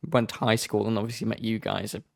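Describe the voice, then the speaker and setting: A young man from England co-hosting a casual podcast, telling stories in a calm way. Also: lowish voice, fast, creaky, no echo, clean studio sound. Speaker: podcast co-host. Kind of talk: casual chat.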